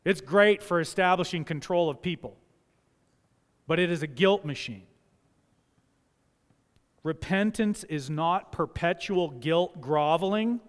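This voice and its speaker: A man preaching a sermon in a church, his voice high for a man and smooth and resonant. He is emphatic, drops to quiet asides, then rises loud while acting out the voices he quotes. The sanctuary adds a long, trailing reverb. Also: measured pace, pauses often. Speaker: pastor.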